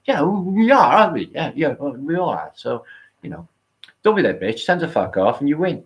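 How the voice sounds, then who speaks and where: A man's voice: fairly high pitch, big pitch swings, normal speed. A man with a British accent hosting a casual livestream, rambling, swearing and thanking viewers by name. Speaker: livestream host. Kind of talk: casual live-stream chat.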